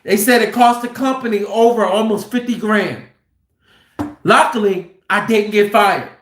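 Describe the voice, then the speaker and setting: Animated truck driver man in an echoey room. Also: high-pitched, measured pace. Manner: animated, profane, acts out quotes loudly. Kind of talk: casual storytelling. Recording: roomy echo.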